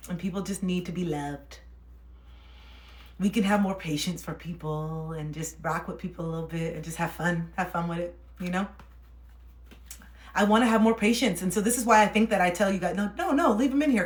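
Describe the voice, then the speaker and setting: A young woman chatting casually on a livestream while reading cards for viewers, laughing often and soothing when she reassures. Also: mid-range voice. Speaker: livestream card reader. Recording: roomy echo.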